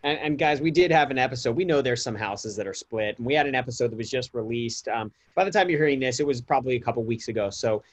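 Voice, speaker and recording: Man, 30s, podcast co-host, chatty, talks to listeners, mid pitch. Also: fast, few pauses. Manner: chatty, addresses listeners as guys. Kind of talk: casual podcast chat.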